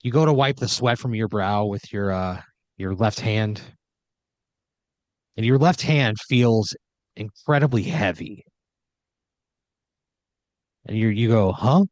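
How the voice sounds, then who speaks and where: A man's voice: on the low side, takes it slowly, pauses often, no echo. A young man hosting a podcast, improvising a comedy story in a rambling, swearing, filler-heavy way.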